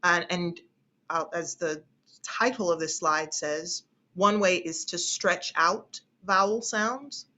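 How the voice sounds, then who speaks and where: A woman speech instructor teaching an online class, hesitating often and slowly stretching out vowel sounds as she demonstrates them. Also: on the low side, pushed and bright. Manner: hesitant, with frequent fillers and restarts.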